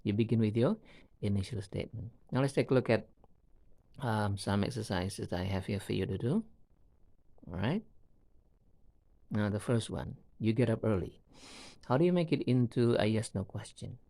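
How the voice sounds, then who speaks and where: Guy teaching english on video, mellow low voice, keeps asking "right?". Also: lively intonation, creaky, dry recording. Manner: slow, repetitive, checks in with "all right?" and "right?". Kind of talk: video lesson.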